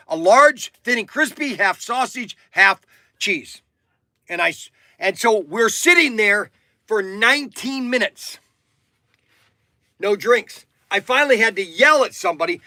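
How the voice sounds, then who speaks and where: A man's voice: high-pitched, animated, measured pace, pauses often, bright, forceful tone, dry recording. A man in his sixties hosting a stream, telling an indignant story with a raised voice. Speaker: hobby shop owner hosting a stream. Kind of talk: ranting storytelling.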